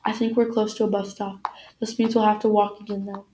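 A woman's voice: mid-range voice, level tone, fairly quick, mellow, roomy sound, slight background noise, close to an everyday voice, low-quality recording. A woman voicing a frightened but protective father who pleads and then makes a dry joke. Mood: matter-of-fact. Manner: pleading, then dryly joking.

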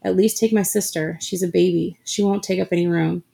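A woman voicing a desperate young refugee boy who begs loudly for help. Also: fairly low pitch, steady tone, fairly quick, vocal fry, breathy edge, heavily acted. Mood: desperate pleading. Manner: begging, raised voice.

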